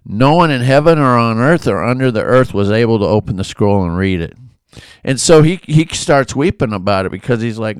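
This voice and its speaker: A man's voice: mid-range voice, expressive, brisk, clear, resonant tone, no echo. A man giving an informal, earnest Bible commentary, talking conversationally with asides and restarts. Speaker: Bible devotional host.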